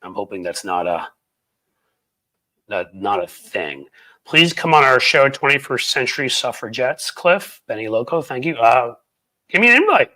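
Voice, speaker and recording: A man hosting a live stream, chatting casually with viewers in a rambling, animated way, with lots of restarts and fillers. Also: moderate pace. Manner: animated, swings in pitch and volume. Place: Cincinnati, Ohio.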